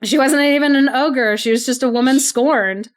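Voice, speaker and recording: A woman's voice: high voice, moderate pace. A woman co-hosting a podcast, casually retelling a story with lots of "like" and frequent laughter. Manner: chatty, laughs often, heavy use of "like". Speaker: podcast co-host.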